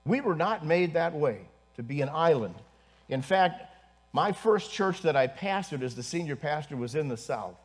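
A man who is a pastor, preaching a sermon to his congregation, earnest and building to emphasis, with pauses and fillers. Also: a little high, lively intonation, husky. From northern United States. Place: church congregation.

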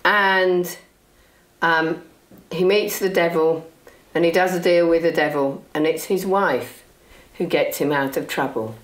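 A woman folk singer introducing a song at a concert, talking hesitantly with many pauses and ums. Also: on the low side, reverberant. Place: concert venue.

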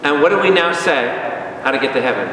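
A man, a priest, teaching a lively Bible study and quizzing his audience, recorded from a distance in a large room. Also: fairly high pitch, fast talker, noisy background. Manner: asks the audience questions, spells out words, animated. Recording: echoey hall from far off.

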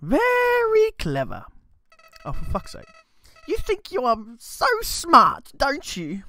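Man doing a high sneering evil flower. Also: huge pitch swings, takes it slowly, sharp tone, heavily acted. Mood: mocking. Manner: mocking, sneering. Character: smug sinister talking flower, male.

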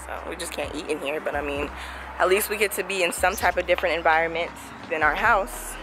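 A woman's voice: fairly low pitch, fast, over music. A woman in her thirties, a mother hosting a casual family vlog, chatty and teasing as she talks to the camera. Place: car and outdoors.

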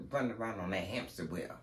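A man's voice: on the low side, animated, a little fast, vocal fry, roomy sound. A man chatting casually to camera at home as a lifestyle vlogger, rambling from one story to the next.

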